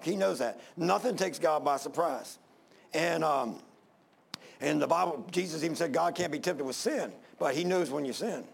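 A man's voice: a little high, normal speed, vocal fry, breathy edge. A man preaching a sermon in a folksy, rambling way, full of fillers and restarts.

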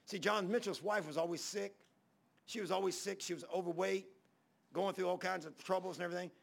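Guy preaching, kinda high pitched, rambly storytelling, voices the people in his stories. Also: fairly even intonation, a little fast, creaky. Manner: folksy, rambling Southern preacher talk with quoted dialogue. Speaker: pastor. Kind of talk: storytelling sermon.

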